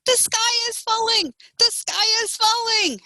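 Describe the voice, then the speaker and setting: A woman's voice: extremely high pitch, a little slow, sharp tone, no room sound, pitched above the performer's own voice, heavily acted. Woman doing a shrieking panicky little hen. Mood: panicked. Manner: screeching.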